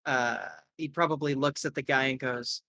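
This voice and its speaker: A man's voice: medium pitch, steady tone, normal speed, bright, forceful tone, no echo. A man running a tabletop game who narrates loosely, leaning on fillers and asides as he describes the scene. His voice sits mid-range for a man. The sound is dry with no room in it. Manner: rambling, filler-heavy, casual. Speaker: game master.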